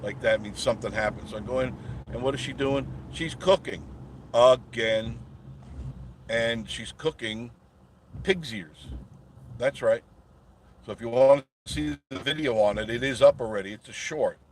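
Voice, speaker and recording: A channel host livestreams from his car, chatting with viewers in a rambling, folksy way amid car and road noise. His mid-range voice moves at a moderate pace, broken by long pauses.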